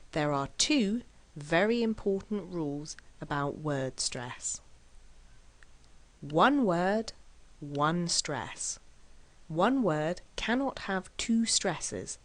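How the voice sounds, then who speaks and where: A woman teaching an English lesson, speaking with careful, deliberate enunciation and exaggerated syllable stress. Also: deep voice. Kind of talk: scripted lesson delivery.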